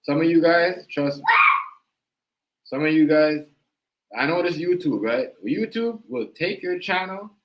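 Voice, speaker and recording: A young man, live-streaming a heated, repetitive rant that swings from loud outbursts to low mutters. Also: measured pace, long pauses, low-quality recording. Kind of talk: ranting live-stream commentary.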